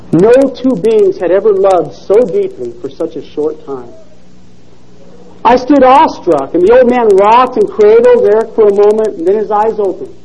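A male preacher delivers a sermon, reading a first-person story aloud with earnest expression. His voice sits high and mellow with a husky edge. His pitch rises and falls widely as he tells the story. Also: poor audio.

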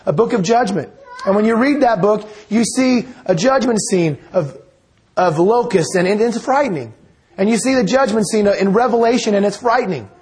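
A man preaching a sermon, reading scripture aloud and explaining it in an earnest, measured teaching manner. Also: high voice, darkish tone, husky.

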